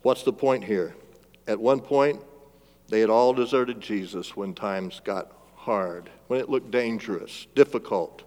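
A man preaching a sermon as pastor, swinging between loud emphatic lines and hushed, drawn-out phrases and calling for responses from the congregation. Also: on the low side. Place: church sanctuary. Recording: long reverb of a large church hall.

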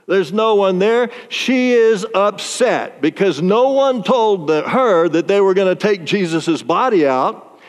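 Brief: male preacher, lively storyteller with frequent chuckles, slightly high voice, long reverb of a large hall. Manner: animated storytelling, chuckles often. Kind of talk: sermon.

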